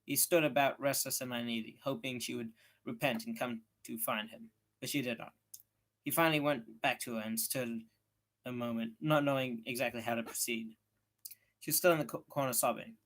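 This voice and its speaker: A man's voice: medium pitch, steady tone, fairly quick, fairly bright tone. A man reading a novel aloud at home, unpolished, with occasional restarts. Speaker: reader.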